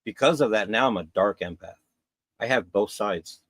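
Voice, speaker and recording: A man's voice: moderate pace, fairly bright tone, no echo. A middle-aged man telling a personal story as a podcast guest, candid and rambling, voicing quotes of others. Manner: candid, rambling, acts out quotes with raised pitch.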